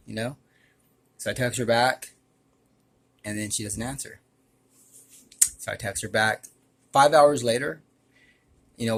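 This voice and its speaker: A man's voice: medium pitch, a little slow, long pauses, slightly rough. A man with a mid-range voice tells his audience a personal story. He rambles and restarts often. He sounds earnest and aggrieved. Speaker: YouTuber.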